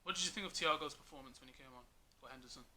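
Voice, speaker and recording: A man in a casual football chat, asking quick questions and pressing his points. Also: medium pitch, bright, forceful tone.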